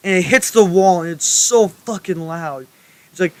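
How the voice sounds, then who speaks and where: A man's voice: high voice, normal speed, no room sound. Rambling, cursing young man telling a story. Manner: rambling, swears a lot, many fillers. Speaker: storytelling YouTuber. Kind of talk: casual storytime vlog.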